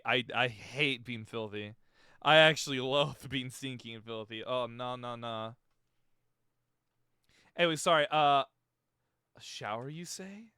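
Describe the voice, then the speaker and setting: A man's voice: medium pitch, sharp tone, smooth, no room sound, clean studio sound. A man streaming live, casually reacting and joking, rambling and self-mocking.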